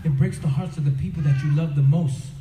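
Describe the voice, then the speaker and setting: Man, storyteller and motivational speaker, conversational, fairly high mellow voice, echoey hall. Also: fast. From Crow Reservation, Montana. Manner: animated storyteller, acts out characters; conversational, full of "you know". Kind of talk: storytelling talk to youth. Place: event hall. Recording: roomy echoing venue, faint ambience.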